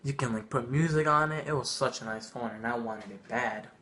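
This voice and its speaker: A young man telling a funny childhood story in a casual vlog, animated and swearing freely. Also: mid-range voice, brisk, a little hiss or hum. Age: young adult. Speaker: vlogger.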